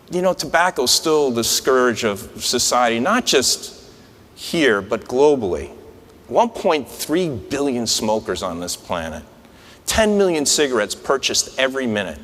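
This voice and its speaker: A man's voice: medium pitch, a bit bright. Man giving a conversational conference speech in a reverberant hall. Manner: conversational, anecdotal, with frequent restarts. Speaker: incoming society president giving an address.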